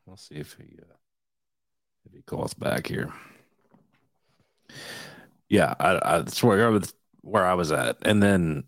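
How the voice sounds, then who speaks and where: A man co-hosting a casual talk show, speaking in a calm, easygoing way. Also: low-pitched, takes it slowly, long pauses, no echo. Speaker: co-host. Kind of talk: casual chat.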